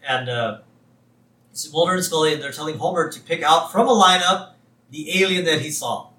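Recorded poorly from afar in a reverberant space, this podcast co-host speaks at normal speed in a slightly high voice. He recaps a TV episode casually, laughing frequently and acting out quoted lines with put-on voices in animated retellings.

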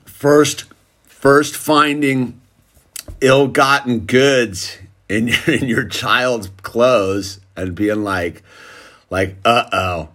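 A man's voice: mid-range voice, fairly even intonation, extremely slow, a bit bright. Rambling man telling a family story. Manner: rambling, peppered with dude and like. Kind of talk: casual storytelling to camera.

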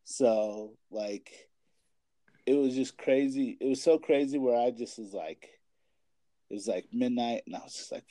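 A man's voice: mid-range voice, measured pace, dark tone, dry recording. A young man in casual chat, rambling with lots of filler words and swearing as he talks about his family. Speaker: parent and kids' basketball coach.

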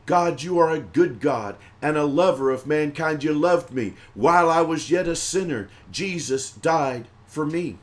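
A man preaching a livestreamed praise sermon in a rhythmic, repetitive, exhorting way, swelling louder on lines of praise. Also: a little high, a little slow, few pauses.

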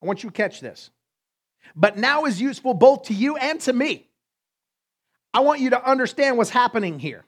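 Upbeat, joking high-voiced male pastor. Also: very animated, slightly rough. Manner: playful, joking preacher with quick asides. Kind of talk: sermon.

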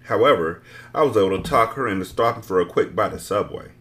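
A man with a fairly low voice reads a novel aloud for his podcast, breaking off for blunt, cursing remarks. His pitch moves in lively, animated swings throughout. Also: fast. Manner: blunt, profane, conversational. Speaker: book podcast host. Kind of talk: casual book reading with commentary.

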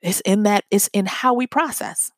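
A woman's voice: mid-range voice, moderate pace, no room sound. A woman giving an earnest, conversational motivational talk built on everyday examples.

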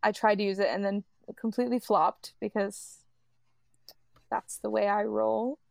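Woman, tabletop player, gravelly vocal fry, upbeat, chatty, dry close sound. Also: mid-range voice, steady tone, measured pace, no echo. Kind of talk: casual podcast chat.

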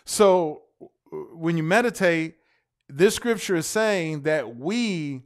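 A man's voice: a little high, lively intonation. A man preaching a sermon to his congregation, stretching key words for emphasis, spelling them out letter by letter and calling out to the church. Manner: emphatic, drawn-out stresses on single words; calls out to the congregation.

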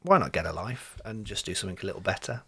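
A man hosting a casual chat podcast, teasing his co-hosts in a lively, sometimes mock-posh way. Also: low-pitched, quick pace, breathy edge. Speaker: podcast host. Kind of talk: casual banter.

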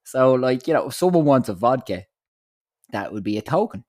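A man's voice: medium pitch, moderate pace, no room sound, studio quality. Irish young man in casual chat. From Ireland. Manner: animated, swearing, laughing storyteller.

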